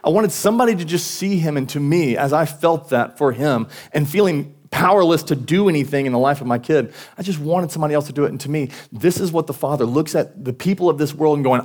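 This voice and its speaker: A man, a pastor, preaching a conversational sermon and telling stories that grow louder and higher as he gets emotional. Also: animated, fast, hardly any pauses.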